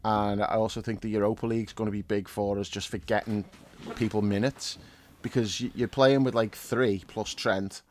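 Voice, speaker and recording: A man's voice: fairly low pitch, fairly even intonation, normal speed, a little hiss or hum. Blunt, sweary man. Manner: blunt, sweary, gets loud and heated when arguing. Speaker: podcast co-host, football editor. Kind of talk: casual football chat.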